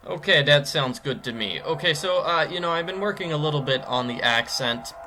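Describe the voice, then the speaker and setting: A man's voice: fairly high pitch, lively intonation, a little fast, a crowd in the background. A man giving casual, rambling commentary as he plays a mystery adventure game, often stopping and restarting his sentences. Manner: rambling, self-interrupting. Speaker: let's play commentator.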